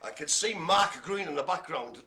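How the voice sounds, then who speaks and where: A middle-aged man hosting a live bingo game, chatty and jokey, speaking to his audience as ladies and gentlemen. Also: a little high, lively intonation, normal speed, crowd noise. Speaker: bingo caller and host.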